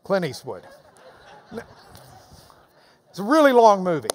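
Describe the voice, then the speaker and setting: Bible teacher, male, emphatic and lively in pitch, lecturing in a reverberant hall. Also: a little slow. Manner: emphatic, animated, swings between loud and soft. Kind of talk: lecture answering questions.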